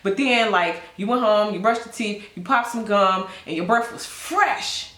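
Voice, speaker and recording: A woman doing a casual tarot reading, chatty and blunt, with big jumps in pitch. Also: a little slow, fairly bright tone, echoey room. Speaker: tarot reader.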